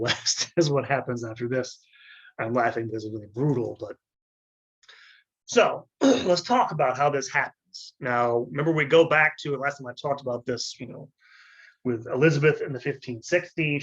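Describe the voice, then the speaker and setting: Male lecturer, mid-pitched, halting delivery with restarts, throat clearing, dull lo-fi sound. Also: fairly bright tone. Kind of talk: unscripted history lecture.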